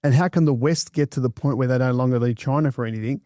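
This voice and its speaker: A man co-hosting a podcast, with a mid-pitched, warm, mellow voice. He is chatty and poses questions, tossing in the odd crude joke. The recording is close and dry. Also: fast talker, no room sound. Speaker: podcast co-host. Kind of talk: casual podcast chat.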